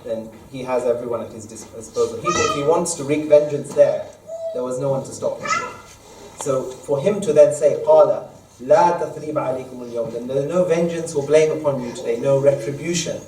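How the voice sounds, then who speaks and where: A man, an imam, leading a Quran study lesson, explaining verses at length and reciting Arabic quickly, recorded in an echoey mosque hall from a distance. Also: medium pitch, dark tone, a little hiss or hum. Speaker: imam teaching a study circle. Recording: echoey room, mic far off.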